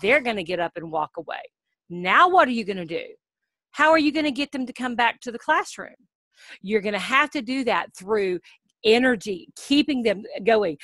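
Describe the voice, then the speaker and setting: A middle-aged woman with a fairly high voice talks straight to camera, coaching would-be online English teachers in an upbeat, practical way. She keeps checking in with "okay?", and when she models a word she slows into a drawn-out, exaggerated teacher voice. The sound is close and dry, with no room around it. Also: lively intonation, fairly bright tone, no echo. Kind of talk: casual instructional talk to camera.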